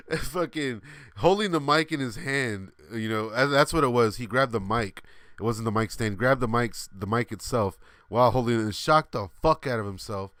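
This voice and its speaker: Smooth-voiced man telling a rambling story. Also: medium pitch, moderate pace, fairly bright tone, no room sound, clean studio sound. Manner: rambling, laughing, swearing, with many fillers. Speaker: livestream host. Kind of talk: casual storytelling on a livestream.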